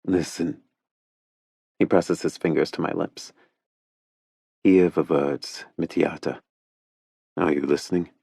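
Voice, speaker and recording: A man's voice: very deep voice, steady tone, slow, vocal fry, pauses often, dark tone, slightly rough, dry recording, studio quality, exaggerated voice. Man voicing a tired, tender hockey star.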